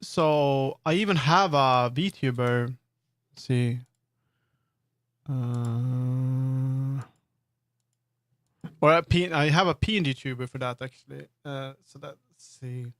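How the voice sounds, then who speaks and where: A man's voice: medium pitch, moderate pace, a bit bright, clean tone, no room sound. A man streaming live who chats casually, trailing off and restarting his sentences and playfully repeating words over and over. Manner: rambling, trails off and restarts often.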